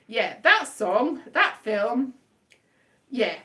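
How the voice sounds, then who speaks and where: A woman's voice: mid-range voice, lively intonation, measured pace, fairly bright tone. A woman chatting casually on a livestream, rambling and self-mocking with a wry tone. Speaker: livestream host.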